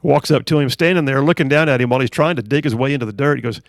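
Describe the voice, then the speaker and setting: Gravelly-voiced male talk radio host. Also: mid-range voice, rapid-fire, dry recording, studio quality. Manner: emphatic, repeats phrases for emphasis. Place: radio studio. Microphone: studio microphone.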